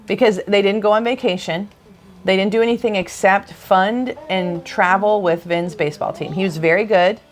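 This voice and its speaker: Woman co-host, animated storyteller, blunt and outspoken, casual conversation with her husband. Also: medium pitch, moderate pace. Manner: animated storyteller who acts out quoted relatives. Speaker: chiropractor and podcast co-host.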